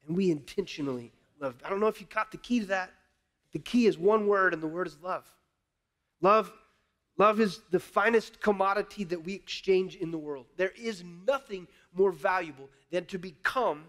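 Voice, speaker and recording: A male pastor preaching a sermon, candid and impassioned, often repeating words as he builds. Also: high voice.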